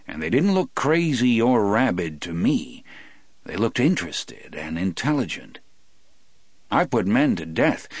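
Low-voiced man reading a story. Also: slightly rough, no room sound. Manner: measured, reflective storytelling. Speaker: narrator. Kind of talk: audiobook narration.

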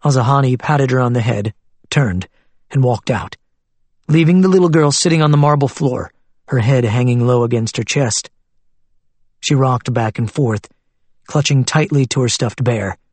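A man narrating an audiobook novel in a steady, even storytelling manner. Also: medium pitch, moderate pace, no room sound.

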